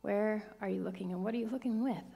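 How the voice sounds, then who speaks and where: A middle-aged woman minister telling a personal story in a sermon, dropping to hushed whispers and rising to excited, emphatic bursts. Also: mid-range voice, quick pace, creaky, slightly rough.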